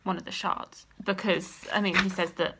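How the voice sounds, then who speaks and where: A young woman chatting casually about a book she just read, excitable and full of "like". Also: on the low side, moderate pace, noisy background. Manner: animated, excitable, says "like" often. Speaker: reading vlogger. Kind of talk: casual book reaction chat.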